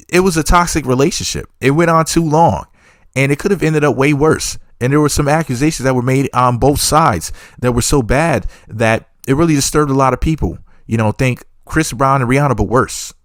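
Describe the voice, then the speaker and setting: Brief: male entertainment reporter, medium pitch, dry sound, sarcastic gossip rambles full of fake disclaimers. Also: dry recording. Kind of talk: gossip commentary.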